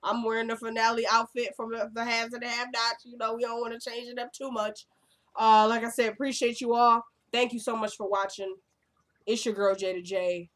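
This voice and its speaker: Animated young woman recapping a show. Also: on the high side, brisk. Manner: animated retelling, acting out characters' lines; uses fillers like "like" and "y'all". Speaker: vlogger recapping a TV episode. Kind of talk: casual recap chat.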